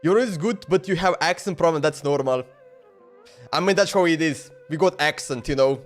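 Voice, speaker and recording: A man's voice: on the high side, a little fast, soft background music. A male streamer chatting casually on a live stream, talkative and laughing, in broken English.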